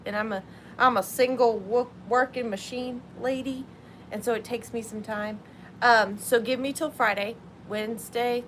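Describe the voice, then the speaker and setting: A woman with a slightly high voice chats through a live vintage sale from home. She is bubbly and effusive, quick to apologize and quick to gush. A faint hum of noise sits behind her. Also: fairly bright tone. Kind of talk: live-stream sales chat.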